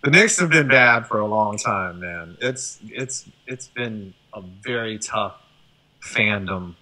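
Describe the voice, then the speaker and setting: A man hosting a casual sports chat, talking in an animated, profane way and often tossing in "right?". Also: fairly low pitch, slow, low-quality recording. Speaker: show host.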